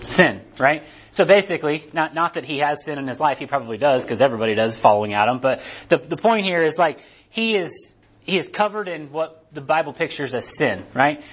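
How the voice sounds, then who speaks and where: Man, high voice, casual sermon, conversational, emphatic peaks, dull lo-fi recording. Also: expressive, brisk, a bit bright. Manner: conversational, acts out characters, builds to emphatic peaks. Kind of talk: casual sermon with Bible reading. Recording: dull lo-fi sound.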